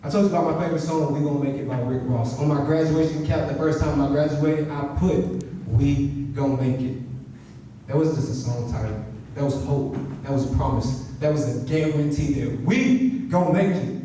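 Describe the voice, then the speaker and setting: A man's voice: a little high, normal speed, a little hiss or hum. A man giving a motivational talk to students and leading them in a chant. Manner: energetic, calls the audience to chant along. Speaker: motivational speaker. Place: university hall. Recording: echoey hall, voice from far off.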